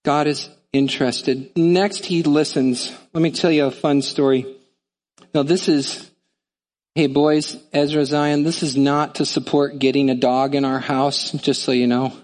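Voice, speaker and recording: Animated preacher man, slightly high voice. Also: a little slow, big-room sound. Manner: animated, conversational, acts out voices. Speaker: pastor. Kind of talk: sermon.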